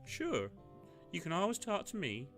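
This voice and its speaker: A man voicing a gentle small-town pastor with a put-on American Southern accent, speaking softly and encouragingly. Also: high voice, huge pitch swings, moderate pace, faint music behind, pitched above the performer's own voice, heavily acted. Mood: kindly. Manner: soft, encouraging.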